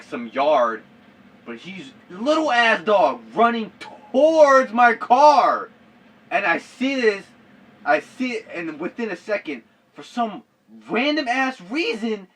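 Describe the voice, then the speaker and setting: A young man telling a personal story in a casual, animated way, full of slang, repeated "dude" and shouted sound effects. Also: fairly high pitch. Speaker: vlogger.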